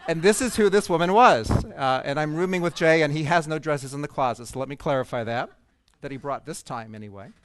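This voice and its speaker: A man's voice: on the high side, a little fast, clean tone. A man telling a personal story with humor as a speaker at a coaching event. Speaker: conference speaker. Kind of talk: storytelling keynote talk to coaches. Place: event stage before an audience.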